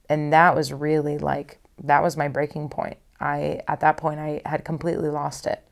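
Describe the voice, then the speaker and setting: A young woman talks through her feelings on her own podcast, candid and rambling, circling back over the same phrases. Her voice sits low, with a gravelly fry running through it. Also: completely flat delivery, normal speed, hardly any pauses. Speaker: podcast host. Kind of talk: personal reflective monologue.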